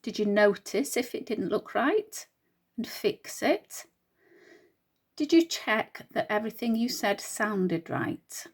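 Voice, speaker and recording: A woman teacher giving a recorded reading lesson to young children, speaking slowly and clearly in an encouraging way and asking them questions. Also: mid-range voice. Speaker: primary school teacher.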